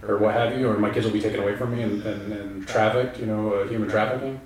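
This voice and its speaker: A man's voice: lowish voice, fast talker, a little hiss or hum. Guy chatting loosely, far off the mic, super echoey room. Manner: relaxed, filler-heavy. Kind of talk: casual conversation.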